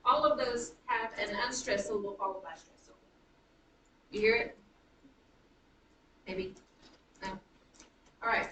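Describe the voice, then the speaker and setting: A woman teaching a high school writing class, chatty and self-correcting as she taps out rhythms aloud. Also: a little slow, long pauses, sharp tone. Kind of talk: classroom lecture. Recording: roomy classroom from a distance, faint noise.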